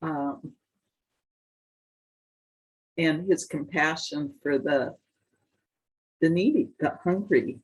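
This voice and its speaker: Slow-talking husky woman. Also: sits low, rough recording. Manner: thoughtful, hesitant. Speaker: study group participant. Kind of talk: casual group discussion.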